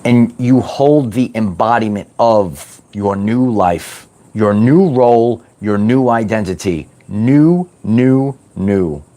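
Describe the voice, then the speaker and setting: A man's voice: fairly low pitch, takes it slowly, hardly any pauses, mellow. A middle-aged man hosting a spiritual wellness livestream, talking to his chat in a playful, repetitive motivational style and drawling words like "baby".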